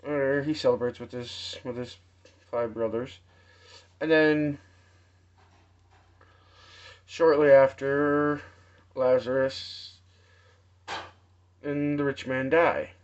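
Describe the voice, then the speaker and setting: A man preaching informally, retelling a parable in a halting storytelling manner with many restarts. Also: medium pitch, steady tone. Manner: slow, halting storytelling with restarts and acted quotes. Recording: dull lo-fi sound.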